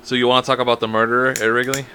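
A man's voice: medium pitch, level tone, rapid-fire, pushed and bright, a little hiss or hum. A young man co-hosting a casual podcast, telling rambling stories full of swearing and acted-out quotes. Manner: swearing storyteller, quotes people in raised voices. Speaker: podcast co-host. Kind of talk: casual chat.

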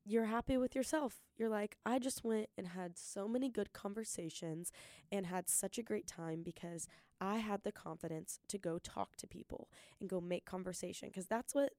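Young woman, solo podcast host, earnest pep talk, warm mellow voice, dry recording. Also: medium pitch, moderate pace, no echo.

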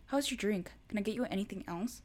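A woman's voice: mid-range voice, fast talker, darkish tone, lightly acted. A woman voicing a pushy young waitress with a sweet, sugary manner.

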